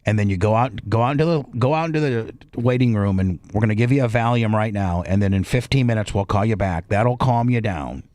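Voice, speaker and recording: A man's voice: fairly low pitch, brisk, hardly any pauses, a little mellow, no room sound. Chatty man telling a story on the radio. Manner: storytelling, acts out his own panicked self-talk. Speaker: radio show host. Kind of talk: casual talk radio chat.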